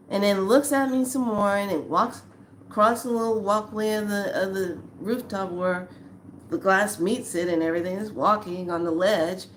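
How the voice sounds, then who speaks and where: A woman vlogger telling a spiritual story in a casual way, acting out quoted lines with lively rises in pitch. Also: slight background noise. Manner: animated, acts out quotes with rising pitch.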